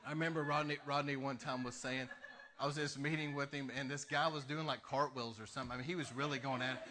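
A pastor preaching a sermon, telling stories in an animated way with laughter between lines. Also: male voice, mid-range voice, quick pace, crowd noise.

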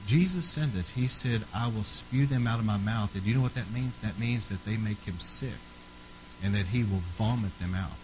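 A man preaching a fervent sermon, rising to loud, emphatic peaks and then dropping low and quiet. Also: normal speed, background noise.

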